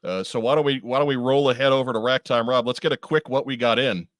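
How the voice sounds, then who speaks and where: A man co-hosting a casual podcast, talking in halting bursts and often repeating his first words. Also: medium pitch, dry recording. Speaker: podcast co-host.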